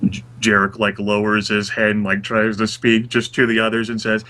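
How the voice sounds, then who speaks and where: A man's voice: fairly low pitch, monotone, normal speed, pushed and bright, a little hiss or hum, poor audio. A man playing in a casual tabletop role-playing session, describing his character's actions. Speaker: player.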